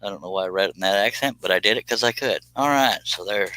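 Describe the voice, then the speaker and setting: Deep-voiced folksy man chatting while he works. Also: fast talker, pushed and bright, no echo, low-quality recording. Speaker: livestream host. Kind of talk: casual live-stream chat. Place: workshop, cutting on a scroll saw.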